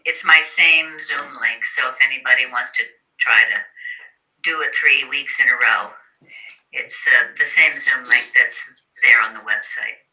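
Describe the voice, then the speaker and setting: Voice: medium pitch, unhurried, sharp tone, poor audio. A participant chatting casually on a video call from a phone, friendly and a bit apologetic. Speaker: group participant.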